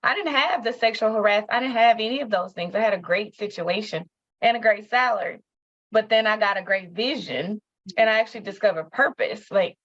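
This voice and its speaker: A woman podcast host asks her guest questions and affirms their answers in a warm, conversational way. Her mid-pitched voice comes through a dull, lo-fi recording. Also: brisk. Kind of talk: interview questions.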